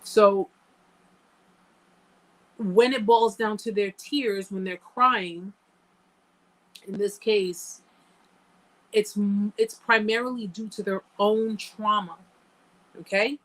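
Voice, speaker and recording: A woman's voice: mid-range voice, steady tone, takes it slowly, long pauses, a bit bright, low-quality recording. A woman hosting a live-stream chat, talking earnestly and emphatically straight to her viewers. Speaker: host answering live chat.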